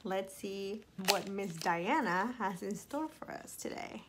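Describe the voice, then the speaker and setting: A woman's voice: medium pitch, animated, slow, background noise. A young woman vlogger giving a bubbly, playful makeup review, talking straight to her viewers. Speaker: beauty vlogger.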